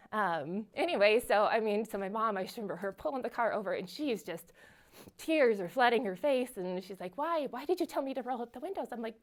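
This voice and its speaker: A woman giving a personal faith testimony, earnest and storytelling, with frequent fillers and small laughs. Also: medium pitch. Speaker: guest sharing her testimony.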